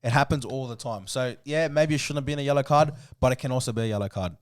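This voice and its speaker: A man's voice: medium pitch, quick pace, no room sound, clean studio sound. A man, co-hosting a casual football chat, laid-back and slangy, laughing often. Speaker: podcast co-host.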